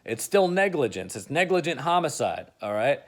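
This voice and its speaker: A man's voice: fairly high pitch, big pitch swings, moderate pace. Man doing a smug rich playboy. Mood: lecturing. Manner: smug, teasing, dismissive. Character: brash cocky rich playboy, adult man.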